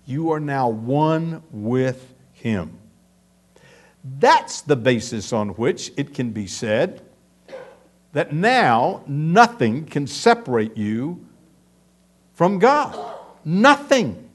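A man preaching a sermon to a congregation, emphatic and building to loud peaks as he reads scripture and asks the audience questions. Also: mid-range voice, sing-song, very slow, pauses often. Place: before a live congregation.

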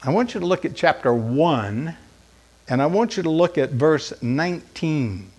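A man preaching an Easter sermon, emphatic and direct, asking rhetorical questions and pausing for effect. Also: a little high, animated, a little mellow, slightly rough. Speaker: pastor.

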